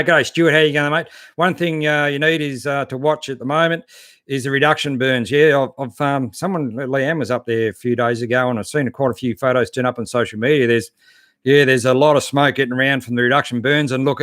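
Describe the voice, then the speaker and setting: Aussie live-stream host, easygoing and matey, mid-pitched voice, close dry sound. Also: male voice, fairly even intonation, a little fast, fairly bright tone, no room sound. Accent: Australian. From Australia. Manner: laid-back, matey, lots of fillers and restarts. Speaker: 4WD channel host. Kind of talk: casual live-stream chat reading viewer comments.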